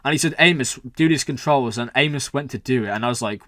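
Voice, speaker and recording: Excitable young man, dry close sound. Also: medium pitch, fast, few pauses, no echo. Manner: rambling, excitable, swears, frequent "like" and "man". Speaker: reaction video host. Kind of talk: excited casual reaction talk.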